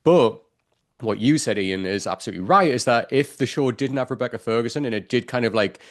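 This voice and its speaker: A man hosting a podcast in casual chat, chatty and animated, with "like" in many sentences. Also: mid-range voice, fairly quick. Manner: chatty, animated, says "like" often. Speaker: podcast host.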